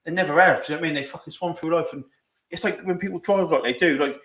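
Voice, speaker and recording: A man's voice: a little high, racing, fairly bright tone. A man, co-hosting a podcast, ranting in sweary casual chat and calling everyone mate. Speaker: podcast co-host. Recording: roomy echo.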